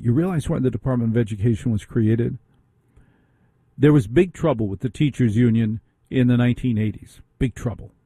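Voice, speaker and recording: A man hosts a talk radio show, delivering a ranting monologue packed with rhetorical questions. His voice is dark and husky. The sound is dry and close. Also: medium pitch, dry recording.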